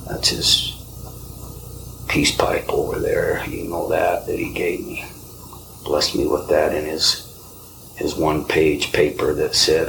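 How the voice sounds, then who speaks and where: A man hosting a podcast, telling spiritual stories softly, often dropping to a whisper. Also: extremely low pitch, completely flat delivery, vocal fry, background noise. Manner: slow, soft-spoken, often whispering. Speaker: podcast host. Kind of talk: spiritual storytelling.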